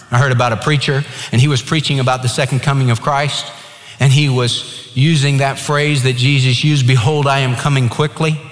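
A pastor preaching a sermon, reading scripture emphatically and telling stories. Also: male voice, medium pitch, big-room sound.

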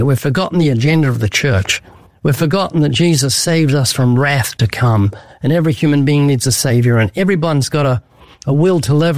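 Urgent preaching man, higher voice. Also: no echo. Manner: urgent storytelling with acted-out dialogue. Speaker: evangelist guest. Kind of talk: earnest preaching in an interview.

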